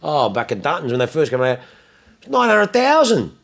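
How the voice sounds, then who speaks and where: A man's voice: a little high, moderate pace, gravelly. A man hosting a casual car chat, telling stories with plenty of swearing and acted-out quotes. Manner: animated storyteller, swears freely, acts out quotes.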